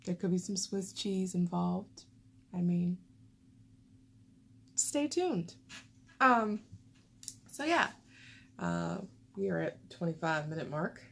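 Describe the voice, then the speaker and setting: A woman chatting casually to her viewers, rambling along with plenty of fillers. Her voice has a gravelly edge, and she talks at an unhurried, slow pace. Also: lowish voice, lively intonation, slight background noise. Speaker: vlogger. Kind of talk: casual chat to camera.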